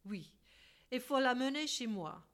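A woman reading an audiobook, voicing a refined, unflappable middle-aged gentleman who speaks politely and calmly. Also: on the high side, normal speed, pitched above the performer's own voice. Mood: composed. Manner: polite, composed and courteous.

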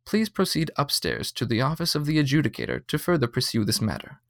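A man's voice: medium pitch, huge pitch swings, a little fast, creaky, fairly bright tone, no room sound, clean studio sound, pitched above the performer's own voice, full character voice. A man doing a soothing, slightly robotic android clerk. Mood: polite.

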